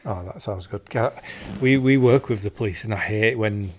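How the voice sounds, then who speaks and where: Low-voiced man nodding along in chat. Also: moderate pace, a little hiss or hum. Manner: supportive, frequent "yeah yeah" backchannel. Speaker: podcast host. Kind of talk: casual chat.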